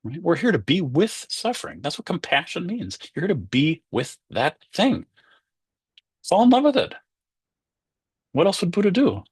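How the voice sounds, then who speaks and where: A man's voice: fairly high pitch, sing-song, moderate pace, hardly any pauses, breathy edge, no room sound. A man, a Zen teacher, giving a conversational dharma talk and acting out inner voices.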